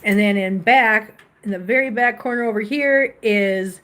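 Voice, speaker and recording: A woman's voice: unhurried, fairly bright tone. A woman chatting casually on a live stream from her home full of cats, rambling a little, with restarts. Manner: switches to a high cooing baby voice for the cats. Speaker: cat rescuer hosting a live stream.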